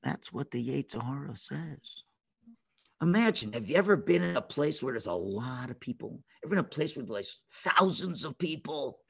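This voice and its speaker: A man teaching a lesson to children, animated and emphatic, often asking them questions. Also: fairly high pitch, a little fast, gravelly, hardly any pauses, slightly rough.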